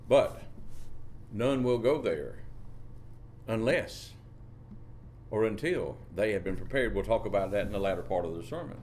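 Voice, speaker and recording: A man preaching a sermon, drawing out phrases and lifting his pitch on key words, reading scripture in old-fashioned wording. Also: animated, measured pace, long pauses, a little mellow, a little hiss or hum. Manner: reads scripture in King James wording.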